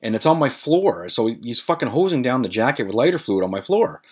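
A man's voice: medium pitch, very animated, fairly quick, a little mellow, slightly rough. A man in his forties hosting a podcast, telling a long story in a rambling, profane way with many fillers. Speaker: podcast host.

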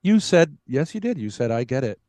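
A man on a debate panel argues his points haltingly, stopping and restarting often. His voice is mid-pitched and the recording sounds dry and close. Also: big pitch swings, darkish tone, dry recording. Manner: halting, hesitant, many restarts and fillers. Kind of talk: heated debate.

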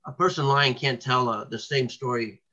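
A man's voice: mid-range voice, moderate pace, pushed and bright, highs cut off. A man being interviewed as a researcher, telling long stories in a rambling way, with many restarts and fillers. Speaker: cryptid researcher guest. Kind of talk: casual interview talk.

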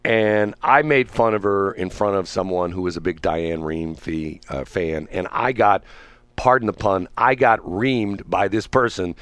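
Laughing, chatty middle-aged radio host. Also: male voice, deep voice, a little slow, a bit bright, clean tone, no room sound. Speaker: radio talk show host. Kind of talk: casual radio banter.

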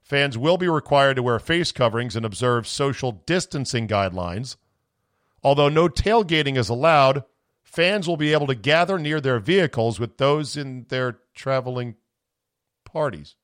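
A man hosting a podcast, ranting sarcastically with profanity and a voice strained from shouting. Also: mid-range voice, animated, normal speed, no echo, clean studio sound. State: voice going from screaming. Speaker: podcast host. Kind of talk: casual podcast rant.

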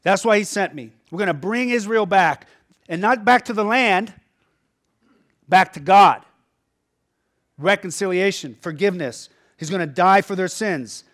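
High-voiced man preaching a sermon. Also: a little slow, pauses often, fairly bright tone. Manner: preaching with sudden surges and drops in volume; tags points with a questioning "right?". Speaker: pastor.

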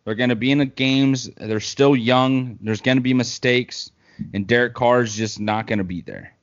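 A man's voice: medium pitch, moderate pace, lo-fi sound. Rambling man talking football. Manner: relaxed, rambling, with fillers. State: hiccups. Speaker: podcast co-host. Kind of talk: casual sports talk.

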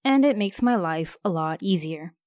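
A woman's voice: fairly low pitch, expressive, moderate pace, darkish tone, no room sound, clean studio sound. A woman hosting her own podcast, chatting in an upbeat way to her listeners. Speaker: podcast host. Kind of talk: casual podcast talk.

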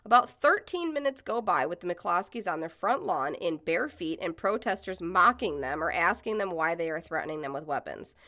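A woman's voice: lowish voice, lively intonation, moderate pace, hardly any pauses, bright, forceful tone. Blunt, profane woman podcast co-host. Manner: blunt, profane, indignant commentary. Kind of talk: casual podcast chat, reading news articles aloud.

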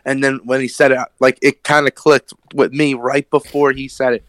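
A man's voice: medium pitch, flat delivery, moderate pace, a bit bright, dry recording. A man co-hosting a casual chat, talking enthusiastically and swearing, often asking "you know what I mean". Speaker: podcast co-host.

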